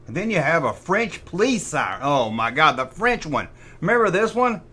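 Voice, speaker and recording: A man's voice: on the high side, sing-song, moderate pace, sharp tone, slightly rough. A middle-aged man hosting a comic toy review. He makes sarcastic asides and imitates sound effects with his mouth. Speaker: toy collector host.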